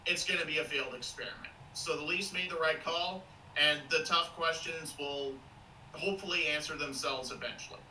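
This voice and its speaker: A man's voice: on the high side, normal speed, bright, forceful tone, reverberant. Male podcast co-host, opinionated, listing points, on a distant mic with faint background noise. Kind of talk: casual hockey podcast chat.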